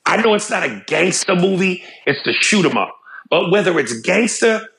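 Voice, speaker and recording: A man's voice: high voice, big pitch swings, moderate pace, vocal fry, fairly bright tone, echoey room, slight background noise. A man co-hosting a podcast in casual, profane, rambling chat. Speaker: podcast co-host.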